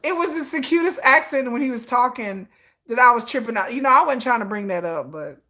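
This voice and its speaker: A woman hosting a casual pop-music commentary show, talking in a gushing, excitable way with frequent restarts. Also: a little high, fairly quick. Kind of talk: casual chat.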